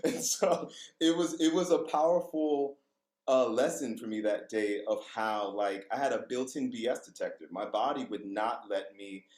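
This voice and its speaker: A man's voice: medium pitch, moderate pace, a little mellow, echoey room, poor audio. A man, a vocal coach, telling candid personal stories as a podcast guest, laughing and swearing freely. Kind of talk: casual storytelling interview.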